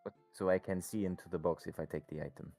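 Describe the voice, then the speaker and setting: A man's voice: low voice, fairly even intonation, fast talker, dark tone, dry recording, faint music behind. A man playing a character in a tabletop game, bargaining in a playful, insistent way. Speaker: player.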